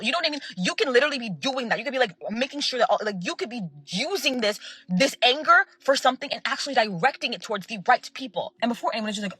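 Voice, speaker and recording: A young woman who hosts her own podcast and creates content delivers a casual, rambling rant packed with filler words, talking fast and emphatically. Her mid-range voice is expressive, bright, husky, and forceful, with no echo.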